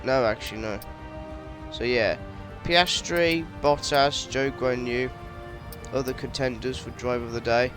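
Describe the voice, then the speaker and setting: A man's voice: mid-range voice, measured pace, music in the background. A man recapping a racing game in a casual, rambling way, with lots of fillers and self-corrections, hiccuping now and then. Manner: excitable, laughing outbursts. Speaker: gaming YouTuber. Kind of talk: casual race recap commentary.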